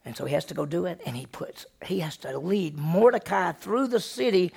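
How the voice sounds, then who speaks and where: A storyteller retelling a Bible story to a group in a lively, conversational way. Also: medium pitch, moderate pace, vocal fry, husky.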